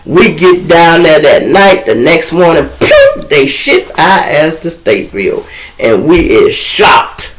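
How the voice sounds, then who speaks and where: Animated Chicago man telling a story. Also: a little high, takes it slowly, low-quality recording. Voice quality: salty, slangy street talk. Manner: animated, acts out other people's voices in dialogue. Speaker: show host telling a story. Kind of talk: casual storytelling to viewers.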